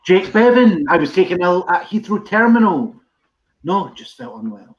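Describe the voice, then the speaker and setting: Male comic reading jokes aloud, high animated voice, giggly, on a video call. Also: normal speed, muffled recording, a little hiss or hum. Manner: laughs a lot, reads jokes aloud. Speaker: comedian reading out audience jokes. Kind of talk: casual online comedy chat.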